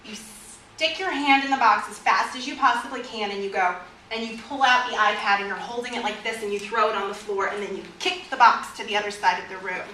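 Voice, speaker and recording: Woman dog trainer, lively class talk, vivid examples, roomy sound, faint background hum. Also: mid-range voice, brisk. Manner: lively, uses vivid examples and asks the audience questions. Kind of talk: teaching a class. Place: store or training room with an audience. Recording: echoey room, recorded from a distance.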